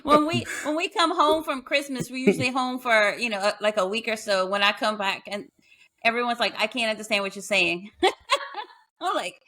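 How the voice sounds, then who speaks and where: A woman hosting a podcast in casual chat, upbeat and quick to laugh. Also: on the high side, expressive, sharp tone. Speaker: host.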